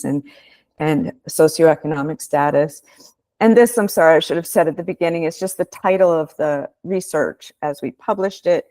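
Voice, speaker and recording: A woman's voice: fairly low pitch, darkish tone, no room sound. A woman researcher giving a webinar presentation, explaining in a plain way with hesitant restarts.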